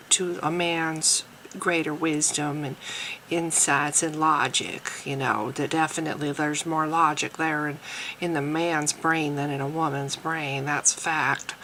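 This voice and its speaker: A woman voicing a naive, devoted woman eager to please her man, in a strained put-on Southern accent, halting and hesitant with breathy sighs. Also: a bit bright, slight background noise, low-quality recording. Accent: put-on, strained Southern American. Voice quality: gravelly, lowish voice. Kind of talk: satirical character monologue.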